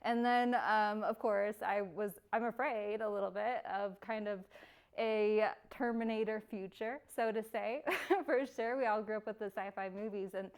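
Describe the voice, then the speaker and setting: A woman's voice: medium pitch, steady tone, moderate pace, clean tone. A young woman giving a casual live workshop, chatty and bubbly, laughing often. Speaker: workshop presenter.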